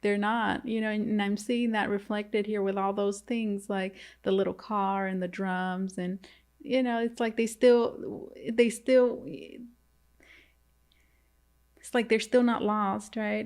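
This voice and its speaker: A woman giving a casual tarot reading to viewers, halting and repetitive, often turning to address them directly. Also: mid-range voice, level tone, a little mellow. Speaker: tarot reader.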